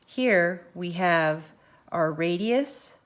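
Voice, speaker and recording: A woman teaching a recorded math lesson, walking through each step slowly and thinking aloud as she films her worksheet. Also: on the low side, animated. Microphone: phone camera filming her worksheet.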